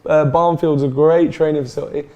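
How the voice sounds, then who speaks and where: A man's voice: a little high, fairly even intonation, fairly quick, warm tone, dull audio. A man talking casually about a live football match as a fan, easygoing and laughing along, often restarting his sentences. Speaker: Burnley fan co-host.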